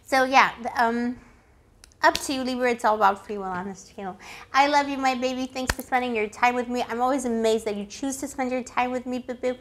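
A woman giving a casual tarot reading, playful and affectionate, calling the listener pet names, her voice slightly hoarse. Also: a little high, fairly quick, slight background noise. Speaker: tarot reader.

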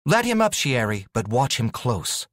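A man's voice: mid-range voice, sing-song, unhurried, a bit bright, no room sound, clean studio sound, voice pushed up. A man voicing a young woman witch in a fantasy audiobook, anxious but determined, speaking urgently. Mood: stern.

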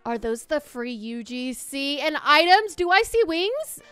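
A woman hosting a game video, giving excited, gushing gameplay commentary with frequent gasps. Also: extremely high pitch, normal speed, few pauses, dry recording, faint music behind. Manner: gasps often, gushing and exclamatory.

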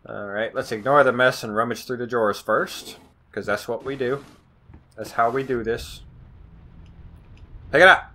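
A man doing sarcastic, foul-mouthed commentary while playing a horror video game and yelling at it. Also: mid-range voice, steady tone, moderate pace. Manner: sarcastic, swears often, yells at the game. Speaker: gamer. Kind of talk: horror let's play commentary.

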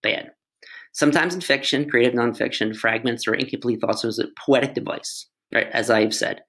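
A man with a gravelly, fry-edged voice of middling pitch teaches a casual grammar lesson. He talks to his students directly and teases himself along the way. His delivery is loose and playful. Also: normal speed, a bit bright. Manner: playful, self-joking, asides to students. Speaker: English tutor.

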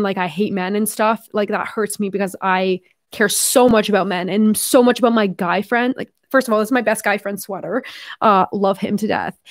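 A young Canadian woman talks casually to her viewers, rambling and dropping fillers as she goes. Her medium-pitched voice sounds close and dry, with no room around it. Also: dry recording. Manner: chatty, rambling, heavy use of fillers and "like". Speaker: YouTuber opening fan mail. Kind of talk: casual vlog chat.

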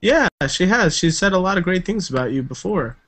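A man chatting casually in a friendly way, quick to laugh. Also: high-pitched, expressive, fairly bright tone. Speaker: conversation partner. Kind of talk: casual chat.

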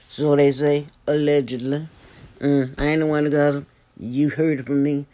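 Gossip commentary host, slow drawl, teasing, sudden squeals and hums. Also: medium pitch, dark tone.

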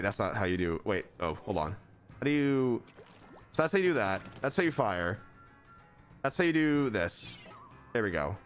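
A streamer gives live commentary while playing a video game, excitable and swinging from low muttering to sudden yelps, repeating phrases again and again.

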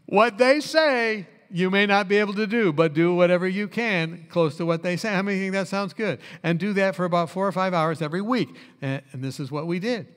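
A man preaches in a church, his voice set high. He tells stories with animation and drops low and quiet when quoting people. His voice carries a long reverb from the hall. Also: fast, few pauses. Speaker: pastor. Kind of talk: sermon storytelling.

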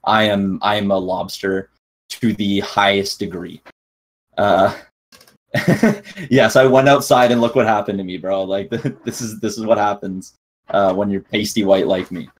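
This young man co-hosts an esports podcast, his voice on the low side with fairly even intonation and a slightly slow pace. He keeps things laid-back and jokey, laughing in a bro-ish way while reading out chat and giving match rundowns in casual conversation.

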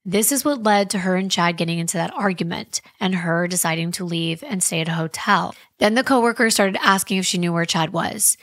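A woman's voice: on the low side, a little fast, few pauses, fairly bright tone, dry recording, studio quality. A woman hosting a true crime podcast, retelling a case in a conversational, emphatic way with wry asides. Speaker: podcast host.

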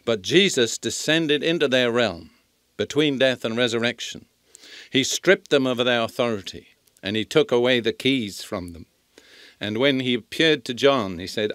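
An older man teaching the Bible in a sermon, reading scripture slowly and emphatically. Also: mid-range voice, fairly bright tone, clean tone, no room sound, clean studio sound.

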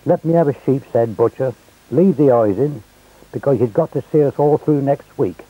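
A man's voice: mid-range voice, moderate pace, breathy edge, no room sound, phone-quality sound, close to an everyday voice. An older man quoting a thrifty poor village woman in a plain, matter-of-fact way, barely changing his voice. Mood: wry.

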